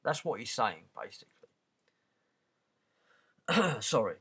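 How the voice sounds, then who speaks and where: A man's voice: medium pitch, very animated, sharp tone, husky. Man reading aloud with rambling asides. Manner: halting, with many restarts and repeated words. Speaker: reader and commentator. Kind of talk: reading a book aloud with casual commentary.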